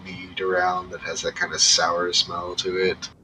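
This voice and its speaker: A man's voice: sits low, completely flat delivery, a little slow, bright, forceful tone. A man running a tabletop game, describing scenes casually with lots of fillers. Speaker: game master. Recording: distant mic, faint noise.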